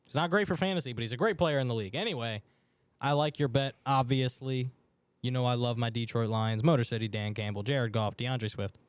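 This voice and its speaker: A man co-hosting a sports betting podcast in a radio studio, chatting casually and excitably. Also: medium pitch, a little fast, clear, resonant tone, dry recording. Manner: excitable, chatty, loud outbursts for his team. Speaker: podcast co-host. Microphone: studio mic.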